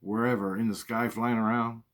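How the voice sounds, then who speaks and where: A man's voice: medium pitch, little pitch movement, moderate pace. A man casually telling a personal spiritual story, swearing freely and talking in an earnest, conversational way.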